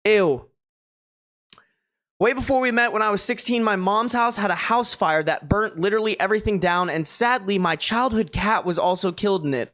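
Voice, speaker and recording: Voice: mid-range voice, a bit bright, no room sound, clean studio sound. A streamer reading online posts aloud in a casual, slangy way, breaking off for exasperated, disbelieving reactions. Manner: exasperated, incredulous reactions between read passages; slangy and casual, calls listeners bro and dude.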